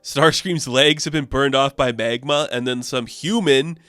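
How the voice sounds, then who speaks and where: A man's voice: mid-range voice, unhurried, fairly bright tone, clear, resonant tone, no echo, soft background music. A young man casually recapping a comic book issue, rambling with fillers and laughs.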